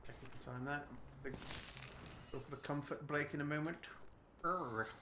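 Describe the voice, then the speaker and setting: A man's voice: on the high side, little pitch movement, moderate pace. A British man chatting casually while streaming a game, rambling and restarting his sentences. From United Kingdom. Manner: rambling, full of restarts and fillers. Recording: roomy echo, background noise.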